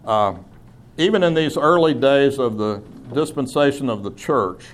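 A man's voice: mid-range voice, animated, moderate pace. A middle-aged man teaching a Bible class in a classroom, talking conversationally with fillers and restarts.

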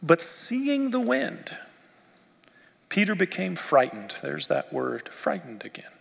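A male pastor preaching a sermon expressively, rising in force and dropping to near quiet. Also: fairly high pitch, big pitch swings, slow, creaky. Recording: long reverb of a church hall.

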